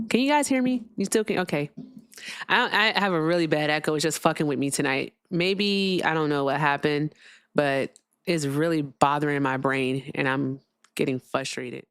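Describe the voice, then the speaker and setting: A woman's voice: deep voice, no room sound, clean studio sound. A young woman hosting a casual livestream, chatting with her viewers while she fixes her sound. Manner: chatty, talks to viewers, fiddles with sound settings. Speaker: livestream host.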